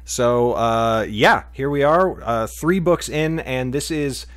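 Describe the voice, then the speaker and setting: A man hosts a relaxed podcast, rambling along with plenty of "uh"s and wry jokes. His voice sits at an ordinary middle pitch, and the sound is dry and close. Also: slow, clean tone, dry recording. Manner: rambling, joking, many fillers. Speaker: podcast host. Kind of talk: casual podcast chat.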